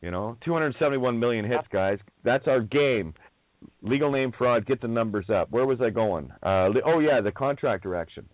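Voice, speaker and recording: A man's voice: mid-range voice, expressive, normal speed, no echo. A man hosting a radio talk, speaking bluntly and nonchalantly, drifting off topic and swearing. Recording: dry tinny phone-quality audio.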